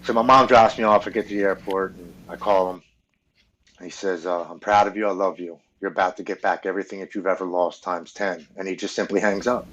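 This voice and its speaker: A man's voice: deep voice, fairly even intonation, a little fast, fairly bright tone, highs cut off, a little hiss or hum. A man on a podcast candidly telling his personal recovery story, acting out the people he quotes and swearing freely. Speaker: podcast guest.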